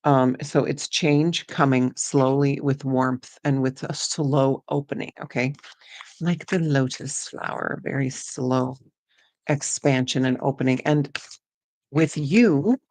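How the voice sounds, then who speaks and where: A woman's voice: a bass voice, slow pace, darkish tone, no echo. A woman giving a chatty, reassuring oracle card reading to camera, drifting between points as she talks.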